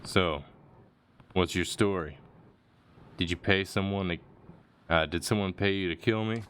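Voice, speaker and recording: A man reading the lines of a stoic, tough yakuza with a flat, steady delivery. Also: sits low, unhurried, slight background noise. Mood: stern.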